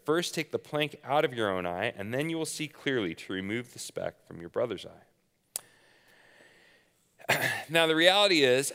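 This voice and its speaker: A man's voice: medium pitch, fairly bright tone. A man in his thirties preaching a sermon, casual and conversational, telling personal stories with self-deprecating humor. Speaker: pastor. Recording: long hall reverb.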